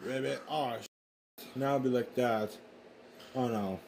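A man voicing an excitable young male character in an amateur fan drama, with fast, panicky exclamations. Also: mid-range voice, slight background noise. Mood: panicked.

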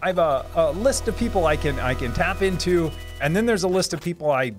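A man's voice: a little high, expressive, fairly quick, faint music behind. Chatty man hosting a live stream. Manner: chatty, laughs often, many restarts and repeated words. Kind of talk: casual live-stream chat reading viewer comments.

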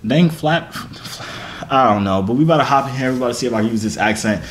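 A man's voice: mid-range voice, lively intonation, quick pace, slight background noise, natural voice. Goofy southern guy hitting on girls on video chat , a man putting it on, medium voice. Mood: hammy. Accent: put-on Southern US country.

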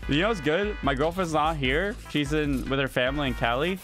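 A man streaming live in casual chat, excitable and profane. He keeps jumping into high, squeaky protests. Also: normal speed, music in the background. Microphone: gaming headset.

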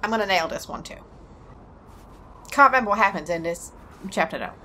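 Bright-voiced jokey gaming woman. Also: medium pitch, expressive, brisk, slight background noise. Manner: chatty, jokey, talks to the game characters. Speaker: let's play host. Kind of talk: casual gaming commentary.

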